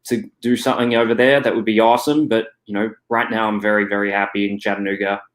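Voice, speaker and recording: A man's voice: on the low side, flat delivery, quick pace. A young Australian man answering interview questions in a casual, hesitant way, full of fillers and restarts. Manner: hesitant, many "you know" fillers and restarts. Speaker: guest.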